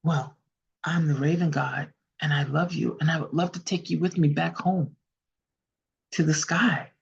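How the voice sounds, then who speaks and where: A possessive, impulsive raven god , as a woman storyteller puts him on, speaking in a hushed, husky voice with a gravelly edge. He sounds like a figure from a spoken folk tale. The sound is dull and lo-fi, as on a video call. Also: sits low, steady tone, unhurried, heavily acted. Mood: tender.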